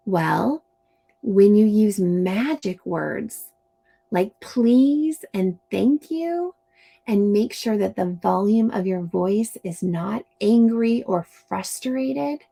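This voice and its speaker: A woman reading aloud and explaining to young children in a slow, gentle teaching manner. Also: mid-range voice, vocal fry. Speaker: storytime reader and teacher.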